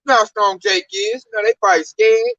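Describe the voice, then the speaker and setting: High, bright-voiced emphatic man. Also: fast talker, dry recording, muffled recording. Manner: emphatic, slangy, animated storytelling. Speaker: discussion speaker. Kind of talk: casual religious discussion. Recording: distant mic, dry sound.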